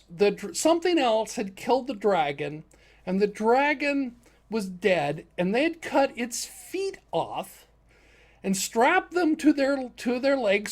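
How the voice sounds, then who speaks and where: A man who runs tabletop games, telling a story from one of his sessions in a rambling, casual way with many restarts. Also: very high voice. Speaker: game master.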